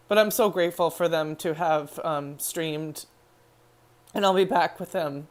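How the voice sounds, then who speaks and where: A woman's voice: low-pitched, a little slow. A woman hosting a fan live stream, chatting casually and getting emotional as she talks. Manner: chatty, emotional, laughs easily. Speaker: fan channel host.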